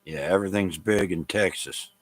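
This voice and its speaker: Man hosting an amateur radio net, a slightly low voice, easygoing and full of fillers. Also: moderate pace. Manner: relaxed, chatty, many fillers.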